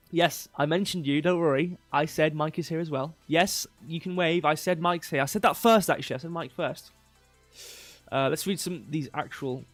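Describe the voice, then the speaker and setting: A man hosting a crypto livestream in casual chat, rambling, restarting sentences and reading chat aloud while slowly losing his voice. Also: on the high side, creaky, dry recording. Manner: rambling, self-interrupting, reads chat aloud. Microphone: desk mic.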